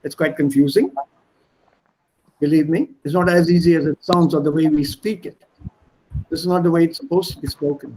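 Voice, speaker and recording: A language teacher, middle-aged and Indian-accented, speaks a little high with a steady, slightly mellow tone and a fairly quick delivery. Teaching an online class by video call, he gives long explanations, repeats himself, and spells words aloud, all captured on poor audio.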